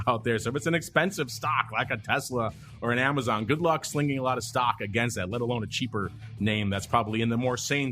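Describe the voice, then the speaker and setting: An upbeat man hosts a finance podcast in a casual, chatty way. His voice sits at a middle pitch, and he reads listener questions aloud with easy energy. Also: sharp tone. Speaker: podcast host.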